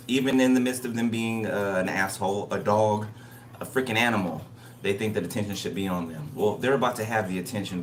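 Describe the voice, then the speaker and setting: A man's voice: lowish voice, roomy sound, distant mic, slight background noise. A man giving a casual spiritual reading. He talks bluntly and emphatically, repeats himself, and swears freely. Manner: blunt, repetitive, profane. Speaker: tarot reader.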